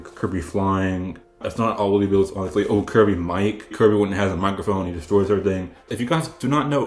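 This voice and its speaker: A man's voice: on the low side, a little mellow. A young man from the American South chatting casually about his hat collection, rambling with frequent restarts. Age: young adult. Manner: rambling, restarts often, laid-back storytelling. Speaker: vlogger. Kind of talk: casual show-and-tell chat. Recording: echoey room with faint music.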